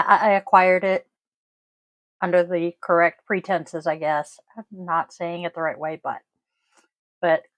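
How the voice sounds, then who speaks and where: A woman hosting her own podcast, talking casually and deliberately, stressing key words with frequent ums. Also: lowish voice, a bit bright, no room sound, rough recording. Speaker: podcast host. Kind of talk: casual solo podcast talk.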